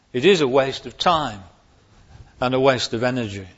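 A man's voice: mid-range voice, lively intonation, moderate pace, a bit bright. A man preaching a sermon on a psalm, stressing key words emphatically and rising sharply on them. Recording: long hall reverb, dull lo-fi sound.

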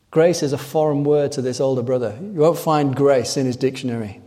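A man's voice: medium pitch, fairly quick, hardly any pauses, dark tone. A man preaching a sermon in an earnest way, often asking rhetorical tag questions, recorded in a large church hall. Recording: long echoing hall reverb.

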